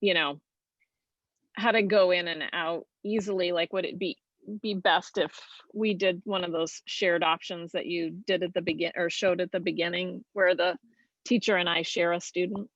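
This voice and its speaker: A woman in a workshop asks a question over a video call, speaking in a hesitant, halting way with many fillers. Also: lowish voice, steady tone, no room sound. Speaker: workshop participant. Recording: dull, dry video call audio.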